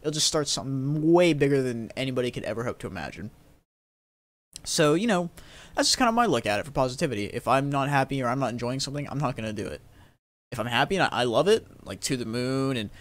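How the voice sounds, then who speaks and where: Fast-talking upbeat young man. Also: mid-range voice, animated. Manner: rambling, upbeat, laughs often. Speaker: YouTube gaming creator. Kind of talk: casual talk to camera.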